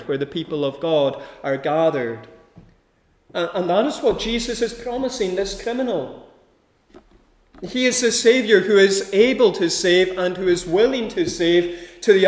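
A man's voice: fairly high pitch, reverberant. A man preaching a sermon with a rhythmic delivery, building his points through emphatic repeated lists.

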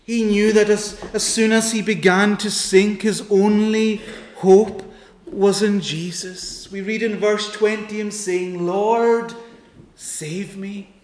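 A man preaching a sermon in a high, even voice that stays level in pitch. He speaks slowly and earnestly, pleading with his listeners and letting his pauses sit. The sound rings with the echo of a large room. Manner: earnest, pleading, with dramatic pauses and quoted prayers.

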